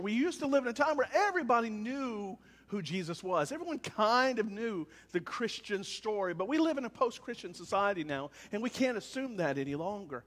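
A man preaches with a very high, ringing voice. He jumps from loud calls to hushed, low lines. The sound carries a long reverb. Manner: animated, swings between shouting and quiet. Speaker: pastor. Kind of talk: sermon. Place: church service, with cars passing by.

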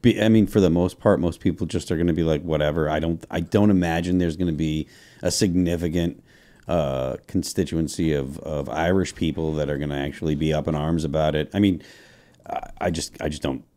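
A man's voice: a bass voice, fairly even intonation, a little fast, dark tone. A man co-hosting a casual podcast panel, talking with dry sarcasm and many restarts. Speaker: podcast co-host.

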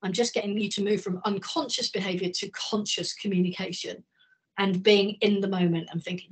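A woman's voice: medium pitch, fairly even intonation, husky. A middle-aged woman giving a conversational communication training talk, telling anecdotes. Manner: conversational, anecdotal, speeds up and slows down. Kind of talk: training talk on a video call. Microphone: video call.

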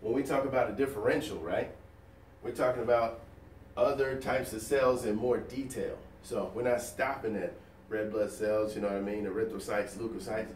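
A male nursing educator teaching a recorded lecture over slides, energetic and folksy, firing rhetorical questions at the listener. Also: on the low side, moderate pace, roomy sound, distant mic, slight background noise. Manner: folksy and playful.

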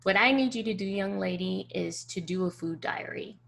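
A woman voicing a blunt, stern male doctor, lecturing her in a plain, slightly gravelly voice. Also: high voice, moderate pace, fairly bright tone, a little hiss or hum.

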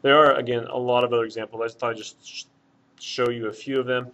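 A man teaching a Spanish lesson in a relaxed way, with many filler words. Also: medium pitch, fast talker. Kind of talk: casual video lesson. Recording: dull lo-fi sound.

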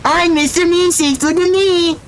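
A man doing a squeaky Mister Meeseeks. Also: fairly even intonation, a little slow, a bit bright, slight background noise, exaggerated voice. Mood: eager. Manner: cheery catchphrase delivery. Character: eager high-pitched blue male cartoon helper creature.

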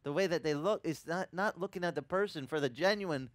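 A man's voice: fairly quick, few pauses, no room sound. Conversational storytelling male pastor, dry sound. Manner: conversational storytelling, rising in pitch and volume when impassioned. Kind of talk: sermon. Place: church ministry in Hawaii.

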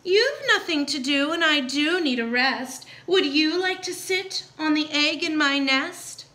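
A woman's voice: high-pitched, animated, unhurried, sharp tone, full character voice. Woman doing a lazy, wheedling bird lady. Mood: coaxing. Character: lazy pleading female bird.

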